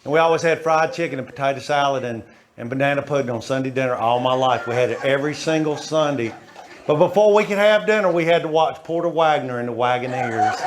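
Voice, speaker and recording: High-voiced comedian on stage. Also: male voice, a little fast. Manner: animated, shouting asides to the audience. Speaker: stand-up comedian. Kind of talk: stand-up comedy storytelling. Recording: live show with faint crowd noise.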